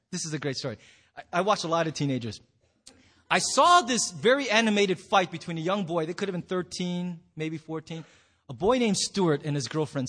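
A man's voice: high-pitched, fairly bright tone. A man preaching as a pastor in a church hall, telling a story with playful acted-out quotes. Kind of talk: sermon.

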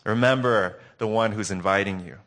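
A man preaching a sermon recap, earnest and telling a story with dramatic pauses. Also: lowish voice, a bit bright.

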